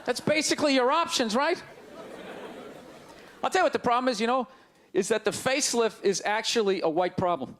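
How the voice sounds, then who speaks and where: Using a handheld mic on a comedy stage, a middle-aged Boston-accented comic rants brashly and makes fun of the audience. His very high, fairly bright voice runs a little fast yet includes long pauses, and the live club recording picks up crowd noise.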